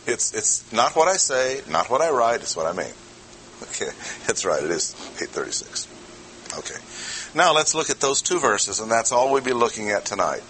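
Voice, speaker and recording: A pastor delivers an expository sermon in a bright, forceful, medium-pitched voice, keeping it conversational and pausing to ask his congregation questions. The audio is poor, with faint background ambience and slight noise beneath him.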